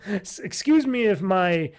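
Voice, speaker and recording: A high, darkish-toned male voice carries a casual solo gaming podcast. The host meanders through his thoughts with lots of fillers and restarts. He sounds nasal, gravelly, stuffy and worn out.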